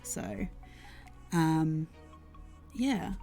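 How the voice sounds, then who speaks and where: An Australian streamer and worldbuilder chats casually on a live stream, rambling thoughtfully with many ums and restarts as she answers chat. Her low, warm voice has lively intonation and drawn-out words, with faint music in the background.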